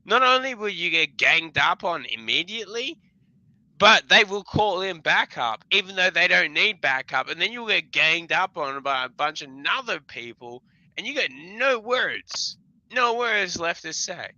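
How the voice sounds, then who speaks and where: A man's voice: high voice, expressive, a little slow, bright, forceful tone, no echo. A drunk and stoned man rambling crudely and profanely in casual chat on a live stream. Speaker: stream co-host. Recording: dull lo-fi stream audio.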